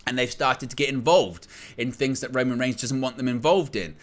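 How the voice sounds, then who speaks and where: A man's voice: medium pitch, moderate pace. A man hosting a solo wrestling news show, animatedly retelling a match and acting out what the wrestlers say. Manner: animated storytelling, acts out quoted lines. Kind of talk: solo wrestling recap commentary.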